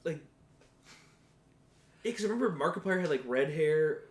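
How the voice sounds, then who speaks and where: A young man co-hosting a podcast in casual chat, relaxed and laughing along with nostalgic memories. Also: fairly high pitch, normal speed. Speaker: podcast co-host. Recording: roomy echo.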